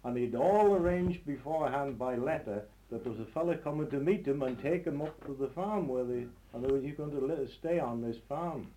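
A man telling a funny story at a relaxed, middling pitch, often circling back to correct himself. A light hiss runs beneath the recording. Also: brisk, hardly any pauses, rough recording. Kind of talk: telling anecdotes.

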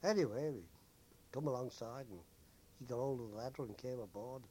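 An older man, a former merchant seaman, recalling wartime memories in an unhurried, anecdotal way. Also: mid-range voice, dark tone, slight background noise. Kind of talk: oral history recollection.

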